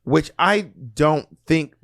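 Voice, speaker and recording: A man's voice: on the high side, fairly bright tone, no room sound, studio quality. A man co-hosting a podcast in casual chat, frank and talkative, often restarting and drawing out his thoughts. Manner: chatty, frank, prone to restarts and slowing mid-thought. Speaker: podcast co-host.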